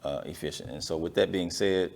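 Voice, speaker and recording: A man's voice: sits low, a little fast, vocal fry, slight background noise. A man hosting a business interview show, reflecting on what his guest said and affirming it. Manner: reflective, gives affirming murmurs, gentle teasing. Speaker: podcast host.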